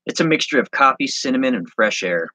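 A man reading his handwritten story aloud, halting and correcting himself as he goes. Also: medium pitch, animated, pushed and bright, dry recording. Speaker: online reseller and host.

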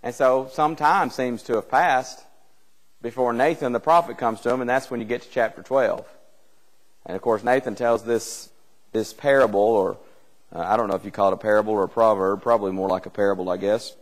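A man's voice: medium pitch, steady tone, fairly quick. A male preacher giving a conversational Bible class, retelling a scripture story with rhetorical questions and reading old-style scripture aloud. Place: church hall. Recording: long church hall reverb.

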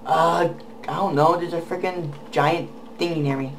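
A man chatting casually while playing a survival game with friends, joking and exclaiming loudly. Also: fairly high pitch, normal speed, vocal fry, slight background noise. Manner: excitable and joking, loud exclamations. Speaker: gamer on a team.

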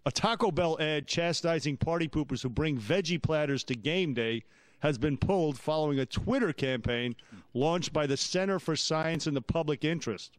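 A wisecracking middle-aged man reads items on a morning radio show. His voice sits a little high. The studio sound is close and dry. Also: normal speed, dry recording. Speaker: radio co-host and newsreader.

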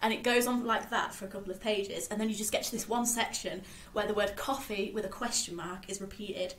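A woman's voice: mid-range voice, a little fast, slight background noise. Woman cohost chatting about a play, laughs a lot, echoey room sound. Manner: animated, laughs often, reads lines aloud. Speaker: podcast co-host. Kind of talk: casual chat about a play. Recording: roomy echo.

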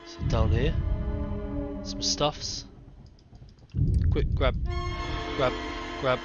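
A man's voice: mid-range voice, steady tone, drawn-out words, lo-fi sound. A man playing a horror game who talks to himself, is easily startled and swears a lot. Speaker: let's play gamer. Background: game music.

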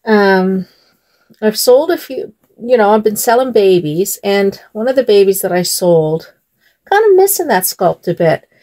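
Giggly, animated woman chatting slowly. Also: medium pitch. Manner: chatty and giggly, laughs often. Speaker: doll channel vlogger. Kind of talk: casual chat while dressing dolls.

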